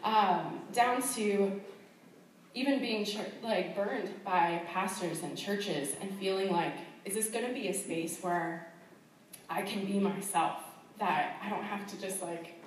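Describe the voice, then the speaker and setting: A woman's voice: mid-range voice, takes it slowly, slight background noise. A woman missionary telling her personal testimony in a chatty way, full of fillers and laughs, in a church hall. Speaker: missionary sharing her calling. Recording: very echoey room, far from the mic.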